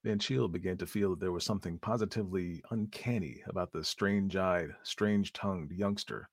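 A man reading a story aloud as narrator in a measured, even manner. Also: deep voice, dry recording, clean studio sound.

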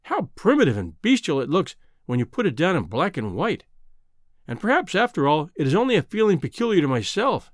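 A man narrates a classic novel in a measured, literary way. His voice sits somewhat high and moves with lively expression. The recording is close and dry. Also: no echo. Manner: measured, old-fashioned literary reading. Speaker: audiobook narrator. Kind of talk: scripted narration.

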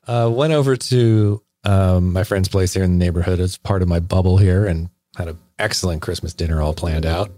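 Low-voiced guy rambling thru a funny story, lots of ums, dry close mic. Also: brisk, few pauses, dark tone, no echo. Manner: rambling, laughing anecdote full of fillers. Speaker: podcast co-host. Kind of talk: casual storytelling chat.

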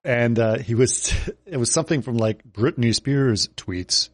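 A man co-hosting a podcast, telling stories in casual chat, chuckling and halting with fillers. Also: medium pitch, dry recording. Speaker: podcast co-host.

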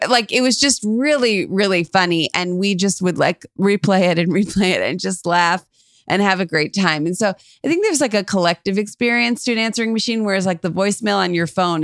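A woman's voice: on the low side, no echo, clean studio sound. A woman from Cleveland with a Cleveland accent, co-hosting a podcast in casual, upbeat chat that is full of "like". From Cleveland, Ohio. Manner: chatty and upbeat, heavy use of "like". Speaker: podcast co-host.

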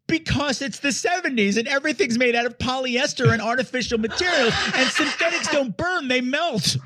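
A man's voice: very high voice, a crowd in the background. A man co-hosting a podcast, joking and laughing as he riffs through a bad old movie. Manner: animated, joking, quick to laugh. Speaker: podcast co-host. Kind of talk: casual movie riffing.

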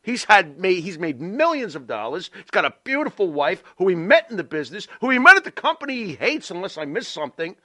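A man's voice: sits high, very animated, a little fast, hardly any pauses, bright, forceful tone, no echo, clean studio sound. A man co-hosting a wrestling talk show, ranting bluntly and swearing heavily. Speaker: podcast co-host. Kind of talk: profane wrestling talk chat.

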